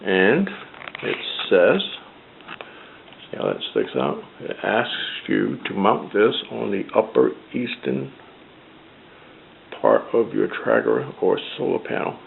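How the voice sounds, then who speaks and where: A man's voice: fairly low pitch, wildly swooping pitch, takes it slowly, vocal fry, long pauses. A man with a New England accent casually narrating a DIY build, rambling as he works with his hands. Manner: rambling, talks while working with his hands. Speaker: hobbyist builder. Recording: tinny phone-like audio with faint noise.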